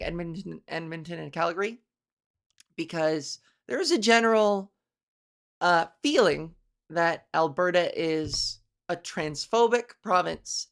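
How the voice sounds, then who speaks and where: A woman's voice: lowish voice, gravelly, a bit bright. A woman comedian hosting a solo podcast, rambling and self-mocking, with lots of fillers.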